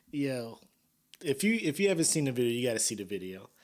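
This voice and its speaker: A man hosts his podcast in loose, slangy commentary. His voice moves up and down a lot, and laughs keep breaking into his talk. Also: mid-range voice. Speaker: podcast host. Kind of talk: casual commentary.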